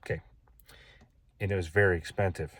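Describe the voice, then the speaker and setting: A man's voice: low-pitched, steady tone, fairly quick, dry recording, studio quality. A man building his own house, telling a casual, exasperated story in a vlog and repeating his gripes.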